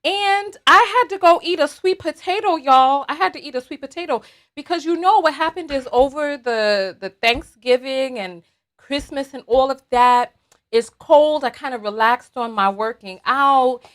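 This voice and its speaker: A woman's voice: high voice, normal speed, fairly bright tone. A woman hosting a livestream, chatting animatedly and talking straight to her viewers. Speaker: host. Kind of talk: livestream commentary chat.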